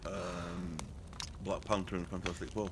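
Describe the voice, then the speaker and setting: A man's voice: deep voice, little pitch movement, measured pace, background noise. A man bantering bluntly and teasing his friends while they play a game together. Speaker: co-player. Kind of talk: casual banter while gaming.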